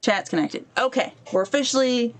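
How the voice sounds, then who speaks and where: Soft music plays behind a woman whose fairly high voice is animated and moves at a moderate pace. She's a podcast host gaming on a livestream and telling a chatty story. She strays from it to fix her stream and briefly performs the voices of those she quotes.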